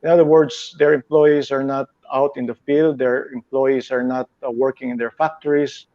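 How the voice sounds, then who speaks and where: A man's voice: medium pitch, flat delivery, moderate pace, no echo, dull audio. Filipino businessman, earnest and explaining. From Philippines. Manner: earnest, explains at length with fillers and laughs easily. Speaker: company president and CEO, interview guest. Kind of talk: business interview, switching between English and Tagalog.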